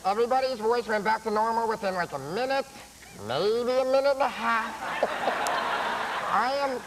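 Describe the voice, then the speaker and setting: Squeaky cartoon boy voice. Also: very noisy. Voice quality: squeaky, like a helium voice. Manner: silly, timid storytelling. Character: squeaky high-pitched childlike cartoon boy. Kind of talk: comic character voice on a talk show.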